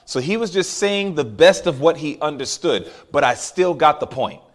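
A man's voice: a little high, animated, normal speed. A man preaching to a congregation, telling a story from his childhood and calling out to the crowd. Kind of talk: sermon.

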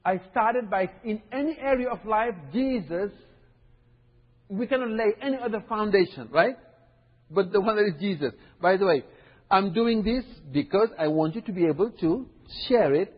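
A man's voice: high voice, expressive, normal speed, slightly rough. A man preaching a sermon in a teaching way, repeating his points and often checking in with the listeners. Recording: dull, echoey hall recording.

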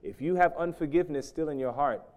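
A middle-aged man preaching a sermon, swinging from loud emphasis to hushed, intense storytelling. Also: on the high side, quick pace.

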